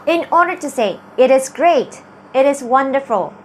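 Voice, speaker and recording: A woman teaching a language grammar lesson, explaining slowly and carefully and reading out example sentences deliberately. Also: high-pitched, expressive, slight background noise.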